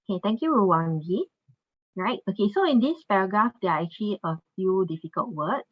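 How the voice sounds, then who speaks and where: A woman's voice: mid-range voice, animated, a little fast, no room sound. A woman teaching an online English class, patient and encouraging, often saying "okay" between phrases, heard over a video call. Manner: patient, says "okay" a lot. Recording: dull lo-fi video call audio.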